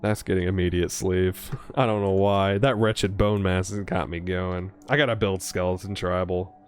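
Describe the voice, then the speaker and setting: A young man casually narrating a card pack opening, reading card text aloud quickly and reacting with excitement. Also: sits low, soft background music. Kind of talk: casual commentary while opening card packs.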